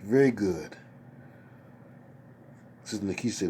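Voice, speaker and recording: A man runs a laid-back livestream from a desk at home, voicing viewer comments with exclamations and chatty side remarks. His lowish, slightly mellow voice is animated and moderately paced, he pauses often, and there's slight background noise.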